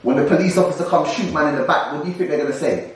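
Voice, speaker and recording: A young man, co-hosting a casual discussion podcast in an animated, ranting way with frequent laughs. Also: on the high side, rapid-fire, recorded from a distance. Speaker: co-host. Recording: echoey room, voice away from mic.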